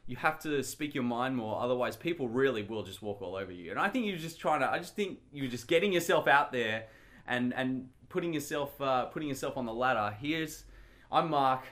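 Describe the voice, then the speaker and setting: An Australian man hosting a casual chat, full of teasing and strong opinions. His voice sits at an average pitch for a man. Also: expressive, a little fast, fairly bright tone.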